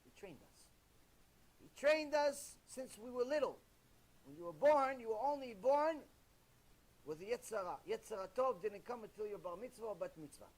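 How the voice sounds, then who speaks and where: A man preaching a sermon as a rabbi, animated, repeating himself and asking rhetorical questions. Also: high voice, normal speed.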